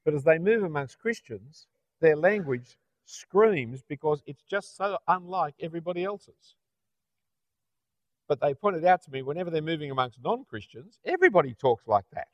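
A man's voice: fairly high pitch, expressive, moderate pace, no room sound. A middle-aged Australian man preaching a sermon in a conversational way, often ending points with rhetorical tag questions. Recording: dull, dry, lo-fi.

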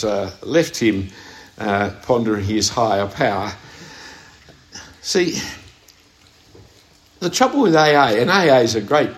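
A man with an Australian accent preaching a sermon, telling a story in a conversational way with emphatic stresses. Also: mid-range voice. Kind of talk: sermon with anecdote. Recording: echoey room.

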